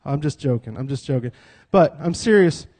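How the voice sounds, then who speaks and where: At normal speed and medium pitch, a man with a darkish, expressive voice delivers a playful church sermon. He labels himself a cut-up and prompts the congregation to say lines back to him.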